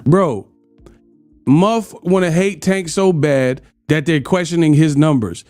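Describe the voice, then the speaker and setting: A man's voice: on the high side, slow, darkish tone, no echo, soft background music. A man hosting a casual boxing live stream, talking trash in loose slang and laughing at his chat. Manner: loose slangy trash talk, laughing, breaking into sung bits. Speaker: boxing commentary host.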